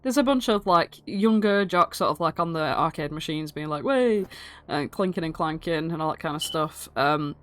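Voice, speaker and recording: A woman running a tabletop game as game master, narrating scenes in a rambling, animated way full of fillers. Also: deep voice, moderate pace, few pauses.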